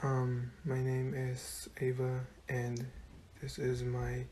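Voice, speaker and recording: Guy doing sassy exasperated sketch lines, mid pitch. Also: monotone, takes it slowly, very noisy. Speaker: comedy sketch creator. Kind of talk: comedy sketch acting.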